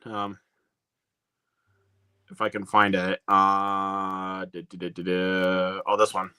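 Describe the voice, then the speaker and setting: A man's voice: low-pitched, completely flat delivery, takes it slowly, sharp tone, smooth, dry recording. A man chatting casually on a video call, laughing often and hesitating with fillers. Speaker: host of a video call hangout. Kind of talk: casual chat.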